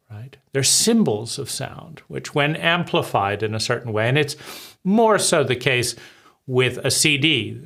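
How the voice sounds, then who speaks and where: A man's voice: medium pitch, a bit bright. A man giving a loose, thinking-aloud talk, building points with lists and analogies and ending lines with "right?". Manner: talks in loose restarts, tags lines with "right?". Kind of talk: philosophical lecture.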